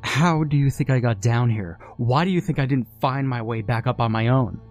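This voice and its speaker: A man's voice: medium pitch, unhurried, a little mellow, faint music behind, pitched above the performer's own voice, close to an everyday voice. A man voicing a distraught young woman trapped in a cellar, speaking angrily and intensely. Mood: angry. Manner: angry, intense, near-spitting.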